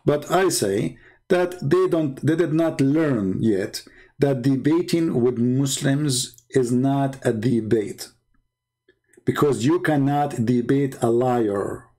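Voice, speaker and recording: A man hosting a debate livestream, talking in a mocking, scornful and emphatic way, with non-native English and broken grammar, his voice slightly hoarse. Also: mid-range voice, slow, warm tone. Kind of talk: livestream commentary while calling viewers.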